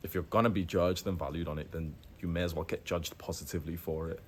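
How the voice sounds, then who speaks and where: A young man with a fairly low voice gives frank grooming advice straight to camera. He talks casually and bluntly, full of "like" and loose fillers. He punches key words with sudden emphasis. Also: fairly even intonation, quick pace, a little hiss or hum. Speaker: self-improvement YouTuber. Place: in Thailand, indoors.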